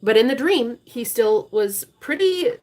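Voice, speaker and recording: A woman's voice: a little high, lively intonation, measured pace. Blunt, cursing woman tarot reader. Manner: blunt, profane and emphatic; preachy and forceful when driving a point home. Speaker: tarot reader hosting a live reading stream. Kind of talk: casual live-stream talk.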